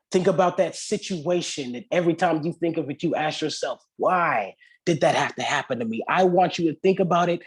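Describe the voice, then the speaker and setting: A man giving a guest sermon at a church service, telling stories with lively acted-out quotes and dropping into soft, slow reflection. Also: slightly rough. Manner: animated storytelling with acted-out quotes; slows to soft, low-voiced reflection. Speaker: guest speaker.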